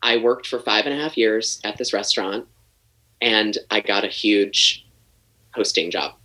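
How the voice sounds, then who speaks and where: A man's voice: fairly low pitch, unhurried, sharp tone, poor audio. A man telling stories as a podcast guest, profane and self-mocking, acting out scenes as he goes. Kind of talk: animated storytelling.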